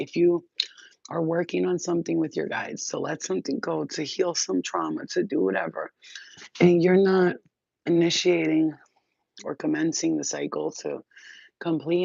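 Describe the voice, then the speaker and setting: Gravelly, husky woman, loose profane spiritual host, dry dull sound. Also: deep voice, steady tone, normal speed, dark tone, no echo. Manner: rambling, profane, streetwise. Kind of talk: casual spiritual talk.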